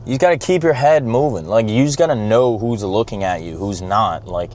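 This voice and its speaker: Fairly low-pitched and a little mellow, speaking at normal speed, this young man vlogs from behind the wheel. His chat is blunt, profane and meandering, with "bro" dropped over and over.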